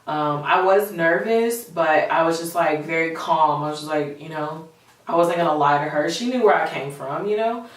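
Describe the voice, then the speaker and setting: A woman's voice: low voice, normal speed. A young woman in her twenties, telling a personal story to camera in a candid, chatty way, full of fillers. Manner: candid, chatty, animated retelling with lots of fillers. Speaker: vlogger. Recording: very echoey room, voice far from mic.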